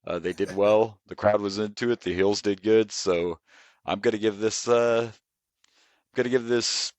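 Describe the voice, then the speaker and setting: A man co-hosting a podcast that reviews wrestling, talking in a relaxed, rambling way with frequent chuckles. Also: on the low side, moderate pace, no room sound. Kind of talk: casual chat.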